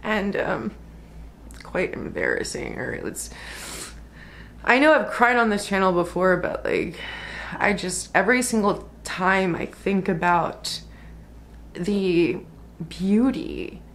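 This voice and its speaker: A woman in her thirties musing softly about a personal spiritual experience in a reflective vlog, with many fillers. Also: lowish voice, animated, takes it slowly, long pauses, a little hiss or hum. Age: 30s. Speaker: spiritual vlogger.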